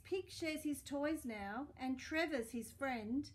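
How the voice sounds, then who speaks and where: A woman librarian reading a picture book aloud to children, expressive and asking questions as she goes. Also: high voice, slow. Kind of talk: storytime read-aloud for children.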